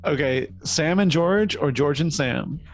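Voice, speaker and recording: A man's voice: on the high side, unhurried, faint music behind. A man co-hosting a comedy podcast, playful and laughing often in casual chat. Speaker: podcast co-host.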